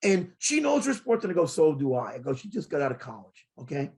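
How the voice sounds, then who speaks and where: Excitable man spinning a sports story. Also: on the high side, a little fast. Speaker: sports show host. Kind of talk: animated storytelling in casual chat.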